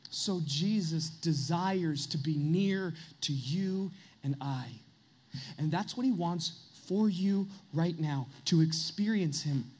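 A man's voice: a little high, slow, darkish tone, breathy edge. A middle-aged man preaching a sermon as pastor, earnest and confessional, building to emphatic peaks.

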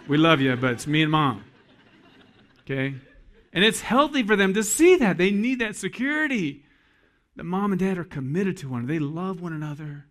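A pastor preaching to husbands, folksy and joking. His voice sits a little high for a man. He speaks straight to the men in the room. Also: expressive, moderate pace, fairly bright tone. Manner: folksy, jokey, addresses men directly. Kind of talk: sermon.

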